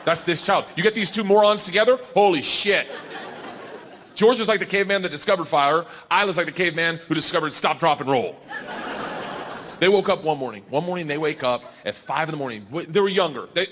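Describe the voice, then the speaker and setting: A man doing a loud, excitable stand-up comedy set on stage, his storytelling often rising toward a shout. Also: on the high side, a little fast. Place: comedy stage before a laughing audience. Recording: live show with loud crowd laughter and noise. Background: crowd laughter.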